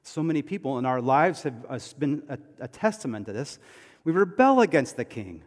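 A man's voice: mid-range voice, very animated, normal speed. Man preaching with wide dynamic swings. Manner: emphatic, swings between loud and hushed. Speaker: pastor. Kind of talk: sermon. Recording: long hall reverb.

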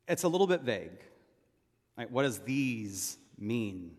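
In a large hall with long reverb, a California pastor preaches in a darkish, medium-pitched voice. He's very animated yet measured in pace, spinning the sermon as a conversational story with frequent asides and questions aimed at the congregation.

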